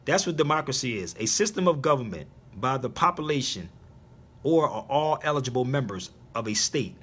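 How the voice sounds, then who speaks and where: A man's voice: mid-range voice, expressive, brisk, fairly bright tone, husky. A man hosting a live internet radio stream, lecturing in an emphatic, preachy way and repeating his points.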